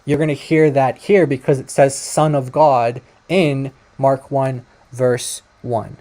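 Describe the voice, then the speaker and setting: A man hosts a casual explanatory video, talking straight to his viewers. His voice sits warm and mellow, and he hesitates a lot, filling gaps and repeating himself as he goes. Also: mid-range voice, fairly even intonation, slow pace. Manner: hesitant, many fillers and restarts; addresses viewers directly. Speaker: video host explaining a language.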